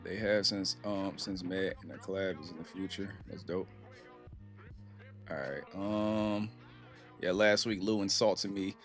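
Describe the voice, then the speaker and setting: A man's voice: deep voice, unhurried, soft background music. A man from Virginia hosting a casual livestream, chatting with viewers in a laid-back, slangy way. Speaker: livestream host. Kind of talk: casual livestream chat reading comments.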